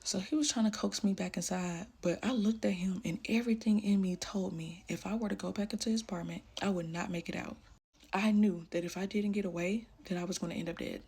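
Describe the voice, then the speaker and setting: A young woman telling a personal story casually, full of "like", often dropping into a hushed voice. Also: medium pitch, fairly even intonation, a little fast, vocal fry, husky. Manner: casual, fillers like "like", drops to hushed tones.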